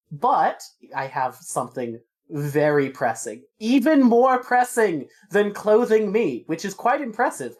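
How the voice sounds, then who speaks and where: Talkative, grandiose young woman, low voice; played by a woman. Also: a little mellow, full character voice.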